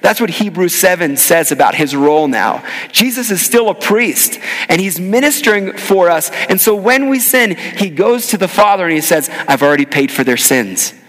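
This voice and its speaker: A man delivers a sermon in an earnest, animated way, weaving a personal story into the text. His voice sits a little high for a man. A long reverb from the hall trails after his words. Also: normal speed, few pauses. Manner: earnest, animated preaching with telling stories. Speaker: pastor.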